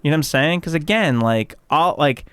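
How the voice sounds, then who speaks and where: A male comedian from Chicago telling stories in casual podcast chat, animated and profane, acting out quotes in a raised voice. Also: fairly high pitch, brisk, clear, resonant tone, no echo. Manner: animated storyteller, swears freely, acts out quotes in a raised voice. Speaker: comedian guest.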